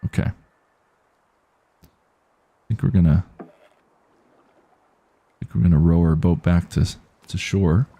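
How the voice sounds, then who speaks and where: A male game streamer talks casually through his playthrough and reads out viewer messages as they come in. His voice is low, dark and mellow, with a gravelly, husky grain. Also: a little slow, long pauses. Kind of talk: casual gaming commentary.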